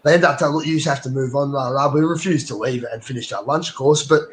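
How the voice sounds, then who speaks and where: A man's voice: mid-range voice, quick pace. An Australian man recounting an anecdote in casual chat, slangy and peppering his talk with "buddy". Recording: roomy with faint background noise.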